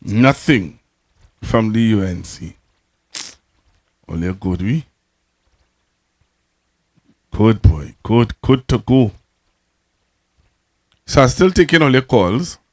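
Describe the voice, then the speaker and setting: A man's voice: fairly low pitch, expressive, slow pace, long pauses. A man with a Trinidadian accent hosting a casual call-in talk show, teasing callers and repeating himself mockingly. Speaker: radio talk show host.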